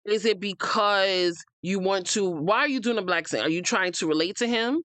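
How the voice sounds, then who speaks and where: A woman's voice: medium pitch, normal speed, a bit bright, no room sound. Blunt, swearing American woman ranting. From United States. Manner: blunt, heated, swears freely, talks straight at cast members. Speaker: reality TV recap host. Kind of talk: opinionated casual recap.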